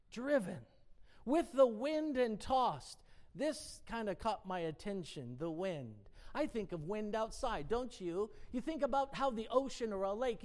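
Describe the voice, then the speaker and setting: Her voice sits on the high side and sounds a little mellow. In this relaxed devotional Bible lesson, she reads out word definitions, lingers emphatically on individual words and asks rhetorical questions of her audience.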